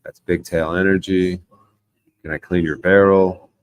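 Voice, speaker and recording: A man's voice: sits low, flat delivery, measured pace, highs cut off. A man hosting a livestream, reading the chat aloud and arguing insistently, with plenty of swearing. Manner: argumentative, insistent, swears a lot. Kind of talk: casual profane livestream rant.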